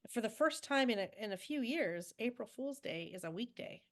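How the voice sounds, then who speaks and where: Woman, teacher, podcast co-host, lively storyteller, voices her quotes, slightly high pitch. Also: moderate pace. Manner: animated storyteller who acts out quoted voices. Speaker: schoolteacher. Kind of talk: casual chat.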